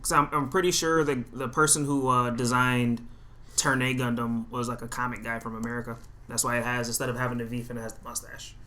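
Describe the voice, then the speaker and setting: A man's voice: medium pitch, little pitch movement, fairly quick, sharp tone. A man co-hosting a podcast in casual chat, full of fan trivia, with lots of fillers. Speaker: podcast co-host.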